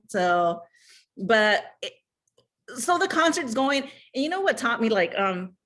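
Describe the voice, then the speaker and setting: A woman in her thirties or forties telling a personal story in a chatty, animated way, full of fillers and asides. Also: on the high side, moderate pace. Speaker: guest sharing fan memories. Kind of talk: casual storytelling chat.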